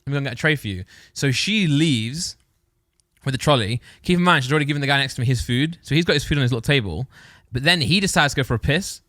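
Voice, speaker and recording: A man's voice: medium pitch, quick pace, a bit bright, no echo, clean studio sound. A young man telling a rambling story on a podcast, often breaking off and laughing as he goes. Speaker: podcast co-host. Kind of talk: casual storytelling chat.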